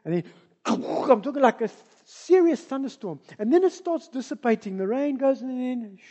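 A woman with a South African accent preaching a sermon, moving between soft asides and loud, emphatic passages. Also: sits high, lively intonation, normal speed.

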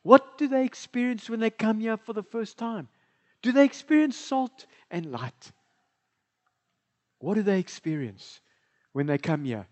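South african pastor guy preaching in church, high lively voice, keeps asking the room questions. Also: measured pace, long pauses. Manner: animated, engaging the congregation with questions. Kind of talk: bilingual sermon.

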